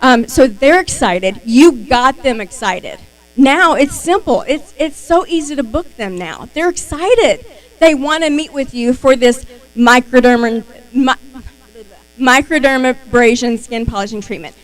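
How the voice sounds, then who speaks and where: A young adult woman giving a lively sales training talk on a live stream, acting out her customer conversations. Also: high-pitched, measured pace, rough recording. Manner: lively, acts out customer dialogues. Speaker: beauty sales consultant.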